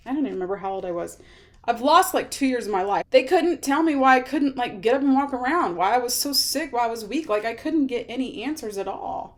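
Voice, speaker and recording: A woman in her thirties telling her own illness story to camera, rambling and halting with many fillers and restarts. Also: a little high, lively intonation. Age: 30s.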